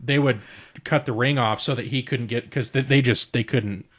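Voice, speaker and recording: A man's voice: mid-range voice, fairly even intonation, moderate pace, fairly bright tone. A young man co-hosting a casual podcast, rambling through a recap with plenty of swearing and restarts. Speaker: podcast co-host. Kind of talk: casual chat.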